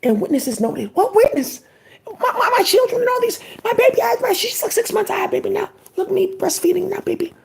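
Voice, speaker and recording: Lady doing a super high pleading wife from way back, keeps asking why, kinda mellow tone. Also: expressive, a little fast, creaky, heavily acted. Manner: pleading, asks why again and again. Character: distraught wronged wife from long ago.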